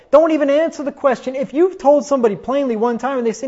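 A man's voice: very high-pitched, lively intonation, fast, few pauses, a little mellow, muffled recording. A man preaching a fiery sermon, reading scripture aloud and mocking his opponents in put-on voices. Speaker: pastor.

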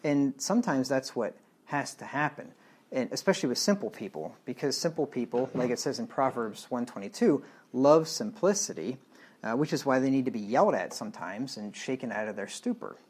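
A man's voice: medium pitch, expressive, a little fast, a little mellow, breathy edge. A man preaching through a Bible book verse by verse, blunt and plain-spoken, reading the old wording and explaining it in everyday talk. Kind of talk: verse-by-verse sermon.

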